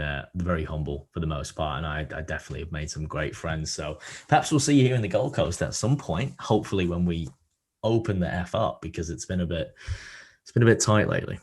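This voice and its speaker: A man with a low voice hosts a podcast interview. He keeps the chat upbeat and friendly, with easy host patter as he welcomes his guest over a remote call.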